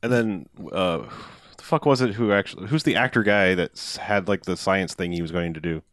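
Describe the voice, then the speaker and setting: Low-voiced sarcastic podcast man. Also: fairly quick, fairly bright tone, no room sound, studio quality. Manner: sarcastic, joking, profane. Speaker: podcast co-host. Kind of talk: casual banter.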